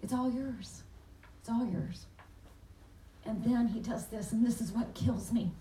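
A woman teaches from scripture in a sermon style, animated and often asking her listeners questions. Her voice sounds roomy and a little distant from the microphone, and faint noise sits behind it. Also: a little high, measured pace. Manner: animated, acts out the father's words, asks the audience questions. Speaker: Bible teacher. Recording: echoey room, voice from a distance.

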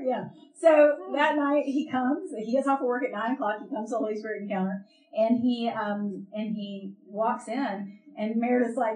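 A woman pastor from the American South, telling a lively story in a sermon and acting out the people in it, with a light Southern accent. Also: a little high, moderate pace, echoey room, low-quality recording. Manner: animated, laughing storyteller acting out quoted voices.

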